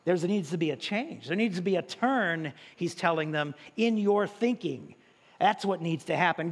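A man preaching a sermon as pastor, with animated delivery and drawn-out emphasis on key words. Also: high-pitched. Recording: long reverb in a large hall.

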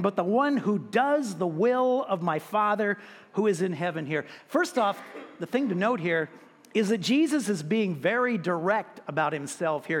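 A man with a high voice delivers a sermon in an emphatic, repetitive way. He lifts his voice when he reads scripture aloud. A long reverb trails behind him, as in a large hall. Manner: emphatic, repeats words, quotes scripture with a raised voice. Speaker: pastor.

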